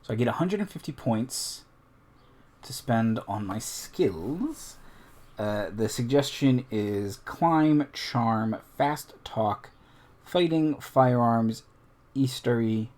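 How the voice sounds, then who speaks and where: A man's voice: medium pitch, animated, slow, a little mellow. A man streaming a solo tabletop game, casually thinking aloud and reading numbers off a character sheet, with asides to his chat.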